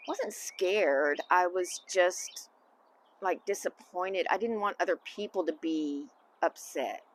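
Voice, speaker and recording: A middle-aged woman, answering interview questions as a mother in a candid, halting, emotional way. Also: medium pitch, slight background noise. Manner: candid, halting, emotional, trailing off into soft asides. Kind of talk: casual family interview.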